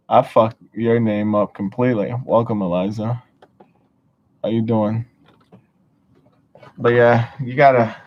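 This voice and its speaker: Low-voiced man rambling on a livestream. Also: a little mellow, highs cut off. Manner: rambling, swears freely. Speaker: livestream host. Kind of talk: casual livestream chat.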